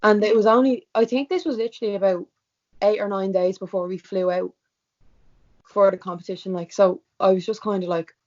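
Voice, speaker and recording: A woman's voice: medium pitch, steady tone, fairly quick, darkish tone. A young Irish woman telling a personal story in a casual interview, talking with lots of "like" and acting out what people said to her. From Ireland. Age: young adult. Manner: chatty, peppered with "like", acts out quoted dialogue. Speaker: student guest. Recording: dull lo-fi sound.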